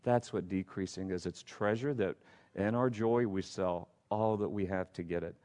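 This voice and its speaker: A man's voice: deep voice, moderate pace, warm tone. A man preaching a sermon as pastor, emphatic and repetitive, building to rising questions. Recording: long hall reverb.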